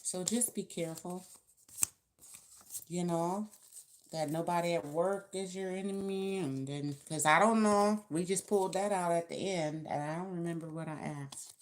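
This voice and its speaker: A woman's voice: on the low side, moderate pace. A woman giving a casual tarot reading to camera, talking in a chatty, colloquial, rambling way. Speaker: tarot reader.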